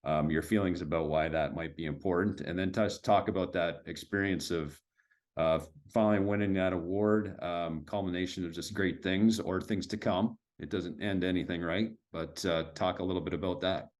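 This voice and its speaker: Give me a man with a very deep voice hosting a casual interview. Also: steady tone, moderate pace, darkish tone. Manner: loose, encouraging questions with fillers. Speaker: podcast host.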